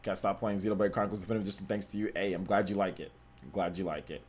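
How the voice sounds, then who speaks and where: A young man with a fairly low voice hosts a live stream. His talk is loose and slangy. He circles back over his own points, repeats phrases, and reads viewer messages aloud between thoughts. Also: fairly even intonation, racing, a little mellow, slightly rough. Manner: chatty, repeats himself, slangy. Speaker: gaming livestream host. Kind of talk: casual live-stream chat, reading donations and chat.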